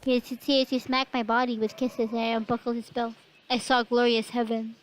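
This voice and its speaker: Young woman, high voice, reads a silly story out loud, keeps stopping to react. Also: level tone, normal speed, poor audio. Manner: reads dramatically, breaks off to react. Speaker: reader of fan fiction. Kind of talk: reading fan fiction aloud with friends.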